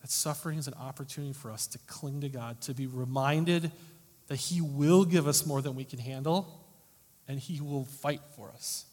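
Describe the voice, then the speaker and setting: A man preaching a sermon as pastor, earnest and emphatic, often rising and falling sharply in loudness. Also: medium pitch, normal speed. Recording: long hall reverb.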